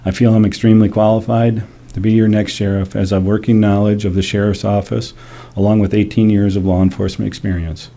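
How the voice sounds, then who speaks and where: A man's voice: on the low side, little pitch movement, a little fast, creaky, dark tone. A man running for sheriff, giving an earnest closing statement at a public forum. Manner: earnest, getting choked up and laughing at himself. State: choked up. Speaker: sheriff candidate. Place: public meeting hall.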